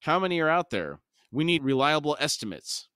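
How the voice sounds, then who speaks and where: A man doing a gruff, shouting garrison commander. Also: fairly high pitch, very animated, a little fast, no echo, clean studio sound, pitched above the performer's own voice. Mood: angry. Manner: demanding, angry, pressing.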